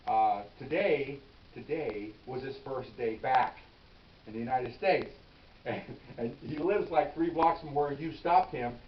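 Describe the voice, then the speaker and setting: A man's voice: medium pitch, measured pace. An older man, a retired police officer, casually telling a story from his career and acting out the dialogue with frequent asides. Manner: conversational, acts out dialogue, frequent "okay?" asides. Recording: roomy, distant, dull lo-fi sound with faint hiss.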